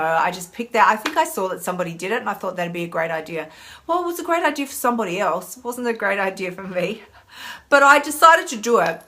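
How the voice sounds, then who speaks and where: A woman's voice: medium pitch, sharp tone. An Australian woman in her thirties, a chatty emotional eating coach hosting a casual live stream and greeting viewers by name.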